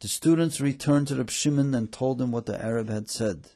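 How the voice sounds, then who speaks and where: A man tells a story in a mellow, darker voice with a gravelly edge. He reads in storybook style and lifts his pitch when the characters speak. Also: a little fast. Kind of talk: storybook narration.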